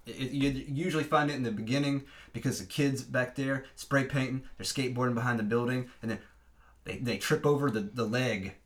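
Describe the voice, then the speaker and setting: A man's voice: mid-range voice, a little fast. A man chatting casually on a podcast, rambling through pop-culture talk with many fillers. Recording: roomy room sound.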